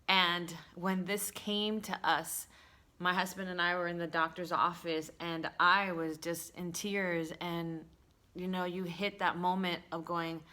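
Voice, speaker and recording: A middle-aged woman hosting a faith talk, sharing an emotional personal testimony with many pauses and restarts. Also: on the low side, sharp tone. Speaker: host.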